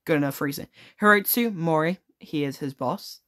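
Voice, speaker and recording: Low-pitched and fairly bright, the gaming video creator's voice moves at a moderate pace. She reads on-screen text from a simulator game and reacts with frequent swearing in casual let's-play talk.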